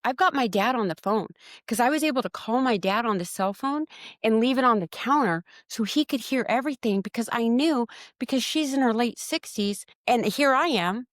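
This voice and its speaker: A woman, a podcast guest, tells a personal story in an emotional, animated way. She acts out her own quoted words and often repeats or restarts them. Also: a little high, normal speed, no room sound, studio quality.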